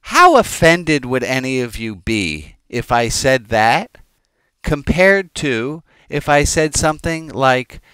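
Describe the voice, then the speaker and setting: A man's voice: mid-range voice, sing-song, slow, sharp tone, clear, resonant tone, no room sound. A man who is a rabbi gives an informal teaching sermon, talking conversationally with the congregation, wandering off on tangents and making jokes. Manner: conversational, digressive and joking, addressing the congregation.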